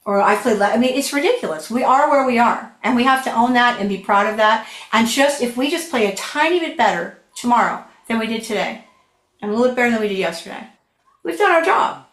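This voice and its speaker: Chatty, high-voiced woman flute teacher. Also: fast talker, reverberant. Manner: chatty, enthusiastic, animated storytelling. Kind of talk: online masterclass teaching. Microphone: video call.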